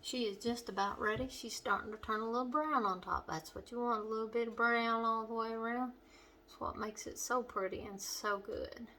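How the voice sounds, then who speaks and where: A middle-aged woman with a western Kentucky accent, hosting a home cooking demonstration in her kitchen and chatting warmly to the viewer. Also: fairly high pitch, steady tone, normal speed, slight background noise. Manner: homey and chatty, talking straight to the viewer. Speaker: cooking show host.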